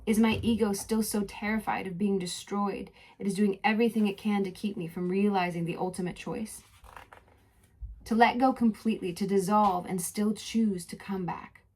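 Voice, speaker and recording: A young woman telling a deeply personal story on her podcast. Her voice is soft and introspective, and she sits at an everyday middle pitch. The delivery drifts between poetic narration and loose, chatty asides. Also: fairly even intonation, normal speed. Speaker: podcast host. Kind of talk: mix of reflective spoken narration and casual chat.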